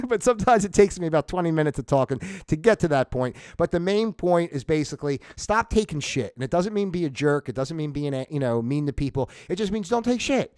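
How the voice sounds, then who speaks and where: A man's voice: on the high side, a little mellow, no room sound, studio quality. A man from New Jersey hosting a casual livestream, ranting in a loose, profane way and laughing at his own jokes. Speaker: livestream host.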